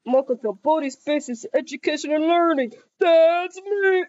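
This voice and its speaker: A woman playing a game with a friend, giggling and excitedly talking to the characters on screen. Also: high-pitched, normal speed. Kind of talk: casual gameplay chatter. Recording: muffled lo-fi dry recording.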